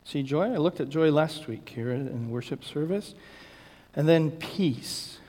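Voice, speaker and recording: A male pastor delivers a sermon in a church sanctuary, his voice a little higher than most men's. He lists things slowly and deliberately, leaning on key words, and a long reverb trails behind him. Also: expressive, a little mellow. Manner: slow, deliberate listing with emphatic stresses.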